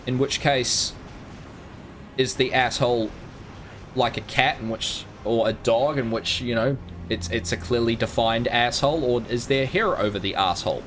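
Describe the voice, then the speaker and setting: A man's voice: mid-range voice, normal speed, a bit bright, slight background noise. A man streaming a video game, rambling through crude jokes in casual commentary.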